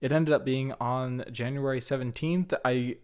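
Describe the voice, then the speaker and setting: A man's voice: mid-range voice, steady tone, normal speed, darkish tone, clean tone. Laid-back young man co-hosting a podcast. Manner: rambling, laughs often, many restarts. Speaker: podcast co-host. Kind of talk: casual chat.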